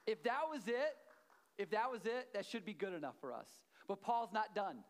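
Speaking at a normal speed and with plenty of expression, a pastor with a voice on the high side for a man preaches conversationally. He weaves in stories, checks in with the congregation, and repeats his key phrases to drive them home.

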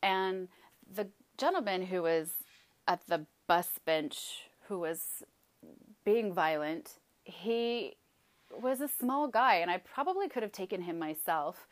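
A woman telling a personal story with emphatic, vivid retelling, acting out her own outbursts. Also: lowish voice.

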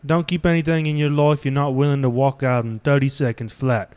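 A man's voice: medium pitch, little pitch movement, very slow, fairly bright tone, clean tone. A man reading a hardened, blunt career thief in a mock British accent for a comedic screen read. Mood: cool.

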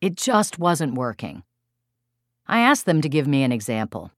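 A woman who leads parenting workshops narrating an audiobook in an expressive, emphatic style. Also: deep voice, normal speed, no room sound, clean studio sound. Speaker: author and parenting workshop leader.

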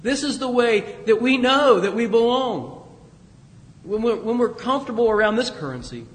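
A man's voice: extremely high pitch, animated, moderate pace, roomy sound, big-room sound, low-quality recording. A man preaching a sermon in a conversational way, with emphatic rises and asides. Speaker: pastor.

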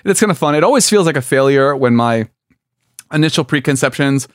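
A young man with a fairly high voice co-hosts a casual podcast, giggling and rambling as the champagne kicks in. His voice is dry and close, with no room sound. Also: expressive, a little fast, dry recording. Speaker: podcast co-host. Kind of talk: casual comedic chat.

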